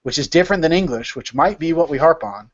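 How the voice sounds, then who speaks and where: A man's voice: a little high, animated, fast, lo-fi sound. A man leading an informal study session over a video call, explaining step by step and repeating words as he thinks.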